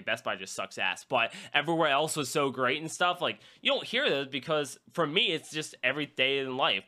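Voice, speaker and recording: A man's voice: medium pitch, bright, forceful tone. A young man co-hosting a podcast, talking casually and animatedly, swearing freely and breaking into mocking voices. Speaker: podcast co-host.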